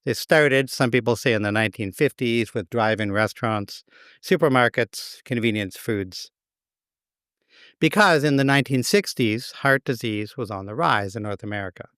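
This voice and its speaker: A man's voice: mid-range voice, moderate pace, a bit bright, clean tone, no room sound. A man preaching a sermon as pastor, conversational with dry, wry humor.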